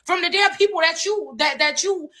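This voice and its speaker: A woman's voice: very high-pitched, moderate pace, bright, forceful tone. A woman in a heated, profane rant to camera, indignant and repetitive.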